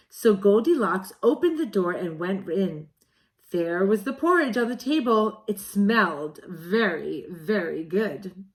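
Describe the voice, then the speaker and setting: Woman kindergarten teacher, read-aloud storytime; slow, very lively pitch, playful asides. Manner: slow, sing-song, exaggerated storybook delivery with playful asides. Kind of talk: reading picture books aloud to young children.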